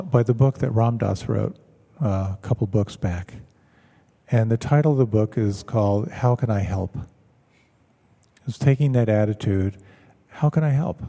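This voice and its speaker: A man, a meditation teacher, giving a measured, reflective talk and telling stories to an audience in a large hall. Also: on the low side, warm tone. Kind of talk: dharma talk.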